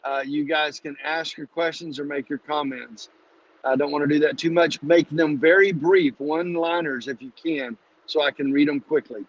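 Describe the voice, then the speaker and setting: A man hosting a live-streamed Bible study, teaching in a casual, energetic, preachy way and calling listeners "dude". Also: on the high side, normal speed. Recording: dull lo-fi live stream audio.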